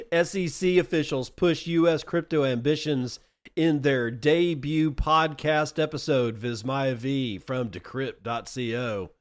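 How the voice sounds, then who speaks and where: A man's voice: mid-range voice, unhurried. A man hosting a podcast, reading news articles aloud and breaking in with sarcastic asides of his own. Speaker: podcast host.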